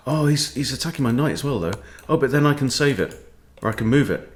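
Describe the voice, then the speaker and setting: A man's voice: mid-range voice, slight background noise. A man, a chess coach, commenting on his own game as he plays, thinking aloud and tossing in playful quips.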